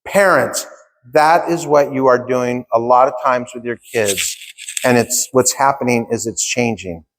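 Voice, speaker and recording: Animated male keynote speaker in a hall. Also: a little high. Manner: animated storytelling, acts out dialogue, addresses audience directly. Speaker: conference speaker. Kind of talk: motivational keynote talk. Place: large conference hall. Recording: long hall reverb.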